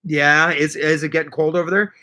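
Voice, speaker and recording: A man hosts a casual gardening livestream, rambling and joking as he reads viewer comments aloud. His fairly high voice is steady and sharp in tone, moving a little fast.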